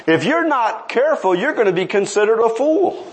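High-voiced preacher guy, very animated, firing off questions at the crowd. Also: normal speed. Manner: animated, rhetorical questions, pleading. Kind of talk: sermon with storytelling.

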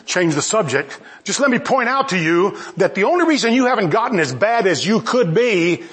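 Male preacher, high-pitched, animated and emphatic, sermon delivery with playful asides. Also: moderate pace.

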